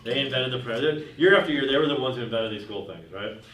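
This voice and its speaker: Speaking fast with lively intonation, a man with a mid-range, fairly bright voice gives a business workshop full of stories and questions for the room. The audio sounds roomy, the mic is far away, and there's a little background noise.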